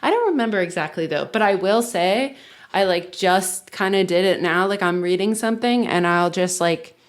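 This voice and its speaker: A woman's voice: lowish voice, normal speed. A woman co-hosting a podcast in casual chat, talking in a chatty way with lots of filler words. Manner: chatty, heavy use of "like". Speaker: podcast co-host.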